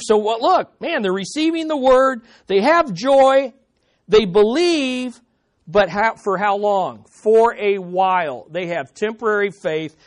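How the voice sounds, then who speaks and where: A man with a high-pitched voice preaches through a Bible passage, swinging between loud, emphatic bursts and quieter, confiding asides. He talks straight to his listeners and keeps checking that they follow him. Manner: emphatic, rises and falls in intensity, asks the congregation questions. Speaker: pastor. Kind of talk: expository sermon.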